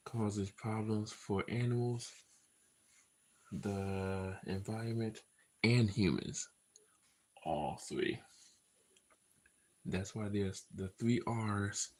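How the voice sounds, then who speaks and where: Low gravelly man rambling off-script. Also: darkish tone, rough recording. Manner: distracted, restarting and repeating himself with loose laughter; playful, teasing asides to himself. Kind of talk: casual rambling monologue, half reading a script.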